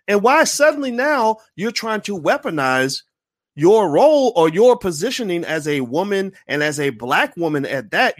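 Animated, high-pitched impassioned male commentator. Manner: animated, emphatic, swings from loud outbursts to low asides. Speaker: commentary show host.

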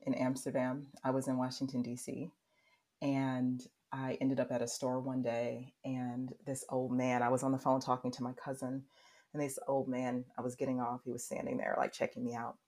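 With a very deep voice and a moderate pace, this podcast guest in her thirties spins a story during casual conversation. She's animated, voicing other people's quotes and laughing frequently.

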